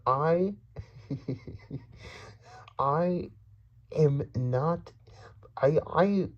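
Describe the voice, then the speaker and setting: A man's voice: on the high side, drawn-out words, muffled recording. A young man from the Dominican Republic ranting casually about politics, rambling with many restarts, swearing and nervous laughs. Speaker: vlogger.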